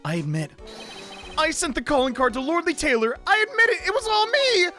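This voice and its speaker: A man's voice: a little high, wildly swooping pitch, a little fast, soft background music. A man voicing a frantic, nervous young man in a video game playthrough, whiny and crying out. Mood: frantic wailing. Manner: whiny, cries and shouts.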